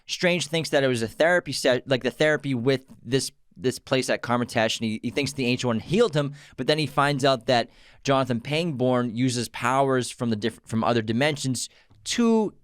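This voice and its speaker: A man's voice: medium pitch, normal speed, smooth, no echo, studio quality. A man co-hosting a casual movie podcast, easygoing and conversational, running the segments. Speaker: podcast co-host.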